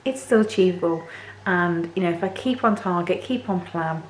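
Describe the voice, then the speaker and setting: A woman vlogging casually to camera in her home kitchen, chatty and a little hoarse. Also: normal speed. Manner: chatty, talks to her dogs in a high sing-song voice. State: voice a bit hoarse. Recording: echoey kitchen, faint background noise.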